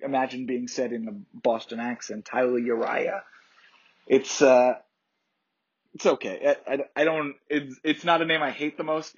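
A man hosts his podcast alone and talks in a rambling, opinionated way, often restarting his sentences. His voice sits a little high and sounds husky. The recording is dull and lo-fi. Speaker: podcast host. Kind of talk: casual solo wrestling recap.

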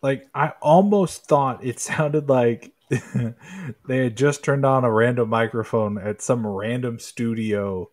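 A man from Kentucky co-hosting a podcast, talking sports in a relaxed, joking way and laughing easily. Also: medium pitch, slow. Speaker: podcast co-host. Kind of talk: casual sports chat.

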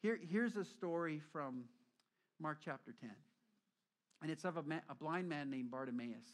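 A middle-aged man preaching a sermon as a pastor, telling stories lively and acting out quoted voices. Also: a little high, normal speed.

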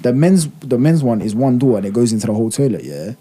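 A man's voice: mid-range voice, slightly rough. A young man telling a story in casual podcast chat, full of slang and swearing. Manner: fast animated storytelling, heavy slang, swearing. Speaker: podcast host.

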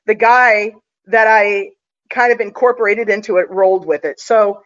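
A woman's voice: mid-range voice, fairly even intonation, moderate pace, fairly bright tone, highs cut off. A woman guest telling a story in a casual, confident, chatty way, with plenty of fillers.

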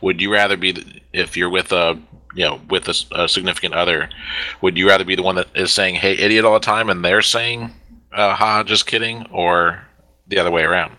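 Very deep, bright-toned man joking. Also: steady tone, poor audio. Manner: joking, quick asides. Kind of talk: casual group chat.

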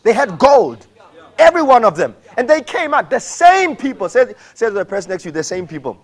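Man, preacher, high-pitched, lively sermon, shouts, acts out quotes. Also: fairly quick. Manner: animated preaching, acting out quoted voices, shouting peaks. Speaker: pastor.

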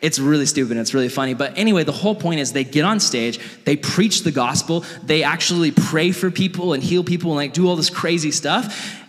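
A man's voice: fairly high pitch, brisk. A man pastor giving a casual sermon in a church, talking in a chatty, earnest way that is full of "like". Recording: echoey church hall.

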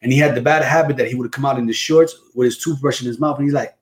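A man from New Jersey, a guest imam, chatting casually on a podcast and telling animated stories, often asking "you know what I mean". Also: mid-range voice, very fast, few pauses.

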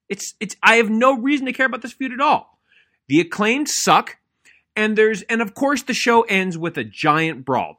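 A man's voice: a little high, bright, forceful tone. A man delivering a recorded rant segment, angry, contemptuous and emphatic. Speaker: listener contributor.

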